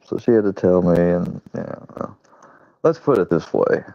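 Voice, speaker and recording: A man's voice: deep voice, normal speed, creaky, mellow, no echo. A man hosting his own channel, telling a rambling, profane, self-deprecating story in casual chat. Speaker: channel host. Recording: dull lo-fi recording.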